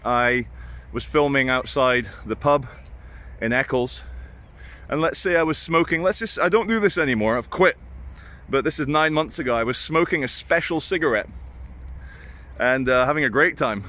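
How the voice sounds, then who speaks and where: A man's voice: medium pitch, lively intonation, moderate pace, pushed and bright. A British man vlogging casual anecdotes in a rambling, crude and self-mocking way.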